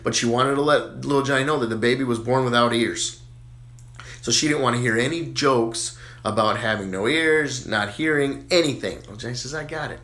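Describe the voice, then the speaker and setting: A man telling dirty jokes in a casual style, animated and chuckling as he goes. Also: medium pitch, normal speed. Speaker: joke teller.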